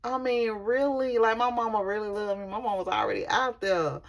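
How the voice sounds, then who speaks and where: A young adult woman vlogger telling a personal storytime in an animated, chatty way with casual slang. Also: medium pitch, a little fast. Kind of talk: storytime vlog.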